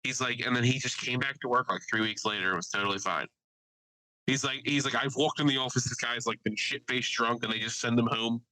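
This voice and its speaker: A man's voice: medium pitch, steady tone, fairly quick, pushed and bright, no echo, low-quality recording. A man on a casual podcast, animatedly telling an anecdote, swearing freely and quoting people he met. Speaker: podcast co-host. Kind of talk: casual storytelling chat.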